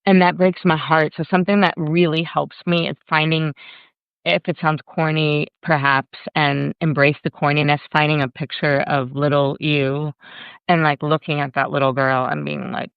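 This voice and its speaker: A woman speaking as a guest in a casual live video chat, animated and freely swearing, acting out her inner voice in quotes. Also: low-pitched, normal speed, clean tone, dry recording, muffled recording. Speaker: guest, workshop leader. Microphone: video call.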